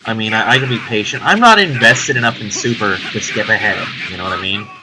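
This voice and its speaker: A man's voice: lowish voice, expressive, fairly quick, over loud music, low-quality recording. A young man chatting casually while playing a video game, rambling, swearing now and then. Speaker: let's play host. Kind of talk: casual gaming commentary.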